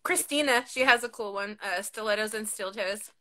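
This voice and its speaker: A woman with a lisp hosting a casual chat, animated and quick to swear and laugh. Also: medium pitch. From Southern California. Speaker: podcast host.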